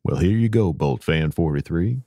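A man's voice: low-pitched, lively intonation, normal speed, mellow, no echo, clean studio sound. A man hosting a casual podcast, laughing often and reading out listener messages. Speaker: podcast host reading fan questions.

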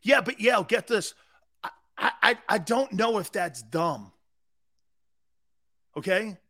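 High-voiced, animated sports radio host. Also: male voice, takes it slowly. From United States. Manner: animated, acts out angry fans in bursts. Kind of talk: loud comic sports talk rant.

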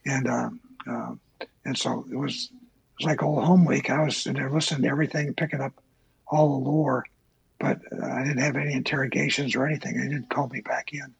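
An older man with a deeply gravelly, husky voice recalls his past in a slow, halting way, full of pauses and fillers. The sound is close and dry. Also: steady tone, no room sound, muffled recording. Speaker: interviewee, former Navy pilot. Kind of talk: oral history interview.

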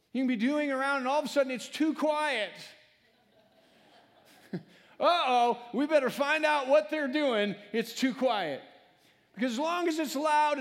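A male pastor preaching a sermon, swinging between loud, emphatic lines and hushed, quiet ones. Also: extremely high pitch. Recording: long hall reverb.

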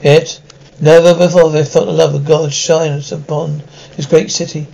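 A man's voice: fairly high pitch, little pitch movement, normal speed, creaky, dark tone, poor audio. A man reading as a pompous preaching archbishop. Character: pompous self-righteous male archbishop, middle-aged.

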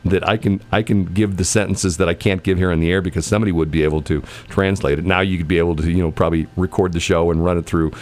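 Deep-voiced man telling rambling stories. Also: fairly even intonation, fast, hardly any pauses, darkish tone. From United States. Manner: rambling storyteller, laughs often, many restarts. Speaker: radio host. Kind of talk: casual chat.

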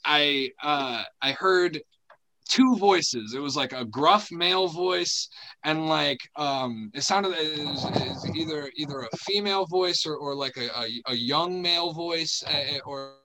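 A young man with a slightly high, bright voice tells a story in loose conversation. He stumbles through fillers and restarts and keeps breaking into laughter. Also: poor audio. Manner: halting, full of fillers and restarts, laughs often. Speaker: podcast guest telling a story. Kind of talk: casual storytelling chat.

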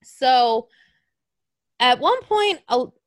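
A woman in casual conversation with a fairly high, very lively voice that swoops as she acts out quotes. She sounds sarcastic and animated, and she laughs often. The sound is dry and close, with no room around it. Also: drawn-out words, no room sound. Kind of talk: casual chat.

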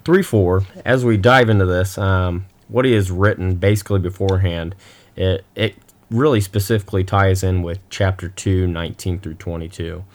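A man's voice: low voice, steady tone, moderate pace. A man co-hosting a podcast, chatting casually with joking, teasing banter. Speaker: co-host.

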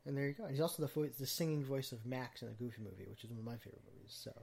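A man's voice: medium pitch, racing, vocal fry, a little mellow, husky. A man hosting a podcast, chatting casually about a film and piling on cast trivia with plenty of ums. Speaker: podcast host. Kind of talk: casual movie chat.

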